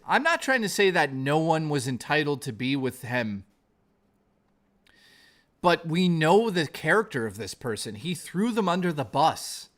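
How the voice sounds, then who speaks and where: A male streamer with a fairly high voice rants heatedly into his mic, swearing and circling back on his points. He reads and answers his viewers' messages between tirades. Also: a bit bright. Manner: heated, profane, repetitive ranting. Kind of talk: angry live-stream rant and chat reading.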